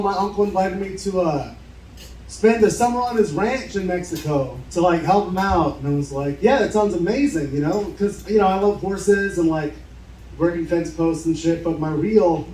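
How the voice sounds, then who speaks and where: In an echoey bar venue, heard through a distant mic, a man with a warm, highish voice spins a casual live story full of swearing, performing the people involved. There's slight background noise, and the crowd cheers and laughs.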